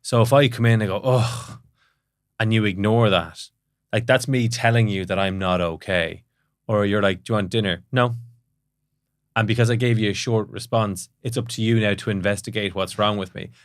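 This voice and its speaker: A middle-aged man, a therapist, explaining ideas in a fast, conversational way and checking in with "right?". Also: fairly low pitch, steady tone, no room sound, clean studio sound. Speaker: psychotherapist guest.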